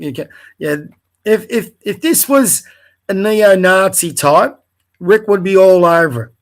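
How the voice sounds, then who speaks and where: Australian man, middle-aged, livestream host, profane scornful rant, gravelly voice. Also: sits high, fairly bright tone. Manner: blunt, profane, scornful asides. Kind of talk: angry live rant reading social media posts.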